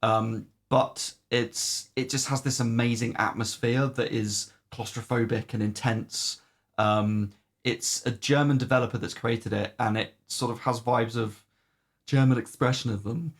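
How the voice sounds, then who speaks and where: This man speaks at medium pitch, a little slowly, with fairly even intonation. Co-hosting a podcast, he chats casually about games in a rambling way, full of "um"s and the occasional swear word.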